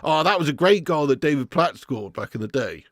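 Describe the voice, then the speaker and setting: A man's voice: fairly high pitch, expressive, fairly quick, fairly bright tone, no room sound, studio quality. A man hosting a live football watch-along stream, joking with chat in slangy banter and laughing often.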